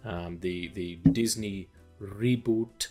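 A man's voice: deep voice, fairly even intonation, takes it slowly, warm tone, faint music behind. A man, co-hosting a casual film podcast, rambling with lots of fillers and restarts. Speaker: podcast co-host.

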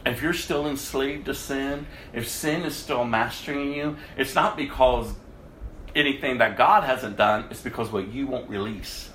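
A man giving an emotional sermon testimony, moving from hushed quotes to loud outbursts. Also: medium pitch, a little slow, roomy sound, slight background noise. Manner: emotional, swings between hushed quoting and loud exclamation.

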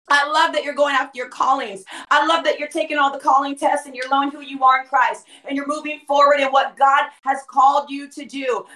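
A woman's voice: high voice, fairly bright tone, roomy sound, far from the mic. A woman guest on a podcast, talking in a fervent, emphatic preaching style and quoting scripture. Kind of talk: impassioned preaching-style conversation.

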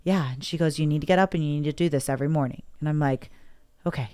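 Speaking fast in a low, smooth, resonant voice, a woman shares a personal story during a relaxed conversation. She's candid and openly emotional, frequently quoting herself and others as she acts out what was said.

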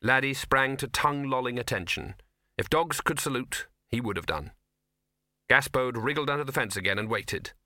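A man reading a comic fantasy novel aloud as an audiobook narrator, measured and wry. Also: medium pitch, pushed and bright, no echo, clean studio sound. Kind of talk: scripted narration.

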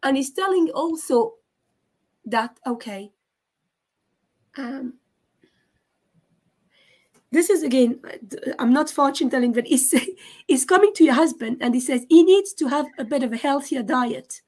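A woman giving a live mediumship reading, halting and often stopping to check in with questions. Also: sits high, darkish tone. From France. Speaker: psychic medium.

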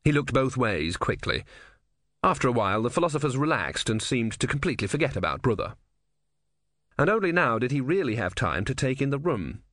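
A man narrating an audiobook in an expressive, wry storytelling manner. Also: mid-range voice, fairly quick, dry recording, studio quality.

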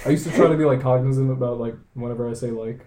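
A man's voice: mid-range voice, fairly even intonation, rapid-fire, echoey room, noisy background. A young man co-hosting a casual podcast chat, rambling with lots of filler words, swearing and laughing. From United States. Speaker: podcast co-host.

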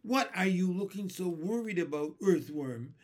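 A man reading aloud and voicing an excitable, brash male centipede from a storybook. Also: high voice, normal speed, pitched above the performer's own voice. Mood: excited. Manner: exclamatory.

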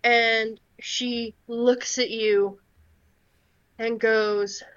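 Woman game master narrating the scene, slow and a bit high, dull lo-fi recording. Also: level tone, fairly bright tone, smooth. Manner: unhurried, with fillers.

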